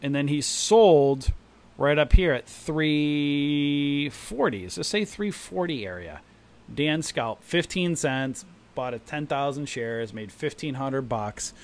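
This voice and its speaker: A man's voice: a little high, takes it slowly. A man hosting a live stock trading stream, explaining charts and acting out panicking new traders. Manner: animated, acts out panicking traders. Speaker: trading room host. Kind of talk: live stream market commentary.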